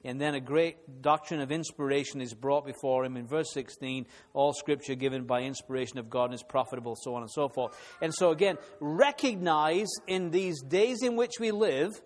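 Man preaching at a conference, emphatic, repeats key lines, higher voice, echoing hall. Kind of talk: sermon. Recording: long hall reverb.

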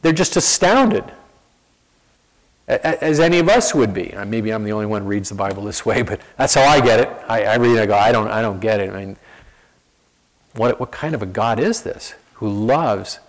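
A man preaching a sermon in a conversational, animated storytelling manner, often restarting his sentences. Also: fairly low pitch, normal speed, low-quality recording. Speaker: pastor.

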